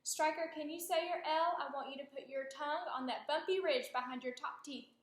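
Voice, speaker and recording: A woman's voice: sits high, fairly quick. A woman speech therapist giving patient, encouraging instructions in a clinical demonstration. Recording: roomy echo.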